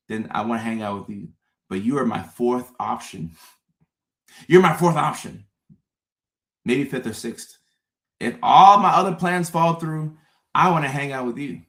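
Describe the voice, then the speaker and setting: A man hosting a casual live stream, talking straight to his viewers in an animated way, often repeating words and acting out his own confused thoughts. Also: mid-range voice. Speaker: host. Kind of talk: casual livestream talk to viewers.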